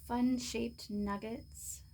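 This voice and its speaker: A woman giving a pick-a-card tarot reading, soft-spoken and unhurried, pausing often with fillers. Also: fairly high pitch, fairly even intonation. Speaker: tarot reader.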